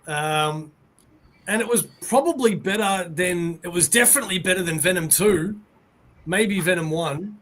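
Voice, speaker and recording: Higher-voiced man hosting a chat. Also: normal speed, fairly bright tone. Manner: hesitant, many ums and restarts, chuckling. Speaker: host. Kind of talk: casual chat.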